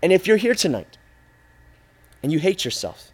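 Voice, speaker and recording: A male preacher delivering an impassioned, repetitive sermon, swinging from hushed, intimate lines to loud, driving ones. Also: high-pitched, very animated, normal speed, pauses often, breathy edge.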